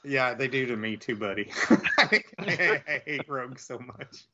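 Man, medium pitch, bright edge, blunt playful podcast chat, lots of quick yeahs, slightly dull sound. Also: expressive, slight background noise.

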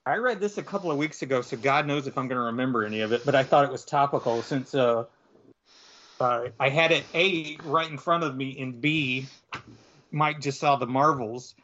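A man co-hosting a casual podcast, rambling through his points with plenty of "uh" and "like" and frequent restarts. He talks at an ordinary middle pitch. The recording sounds a little dull and lo-fi. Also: moderate pace, fairly bright tone, a little hiss or hum. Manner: rambling, full of fillers and restarts. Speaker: podcast co-host. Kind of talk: casual chat.

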